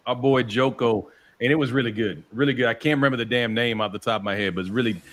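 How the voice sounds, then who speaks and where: Soft music plays behind an American man who hosts a livestream and rambles easily through stories, filling his casual chat with fillers. He speaks quickly in a mid-range, fairly bright voice.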